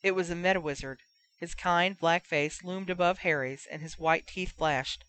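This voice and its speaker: A woman reading a fan fiction story aloud in a measured narration. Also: lowish voice, a bit bright. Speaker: audiobook reader.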